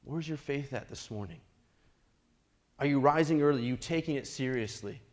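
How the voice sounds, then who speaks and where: A young male pastor preaching a sermon, earnest and repetitive, dropping into soft prayerful passages. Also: medium pitch, normal speed.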